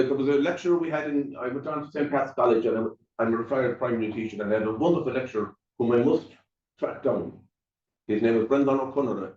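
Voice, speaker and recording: A man's voice: medium pitch, a little mellow. Older man, Irish accent, wry rambling storyteller, far from mic, echoey hall. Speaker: local storyteller and retired teacher. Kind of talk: casual storytelling talk. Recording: echoey room, distant dull mic.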